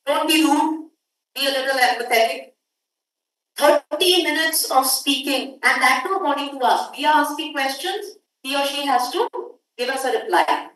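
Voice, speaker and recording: A high-voiced woman with an Indian English accent teaches a workshop, emphatic and quick to quiz her listeners. Her voice carries through a big, echoing hall and is picked up from some way off the mic. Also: expressive, fairly bright tone. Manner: emphatic, questions the audience directly. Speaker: workshop lecturer. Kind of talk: academic workshop lecture. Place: conference hall. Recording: echoey hall, distant mic.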